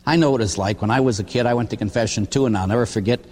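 A man's voice: fairly low pitch, rapid-fire, darkish tone. An older man, a Catholic priest, preaching a sermon in a folksy, storytelling way with frequent "huh?" asides. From Pittsburgh area. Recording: long hall reverb.

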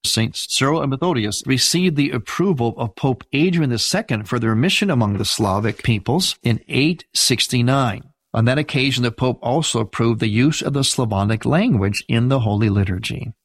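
Lively in intonation and moderate in pace with few pauses, an older Byzantine Catholic priest teaches church history informally. His husky, mid-range voice explains things conversationally, now and then turning to the audience, with no echo in the recording.

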